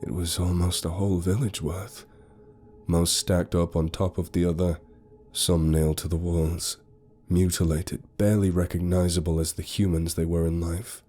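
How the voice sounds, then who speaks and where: A man giving a steady, grave, scripted first-person horror narration over faint music. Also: sits low, moderate pace.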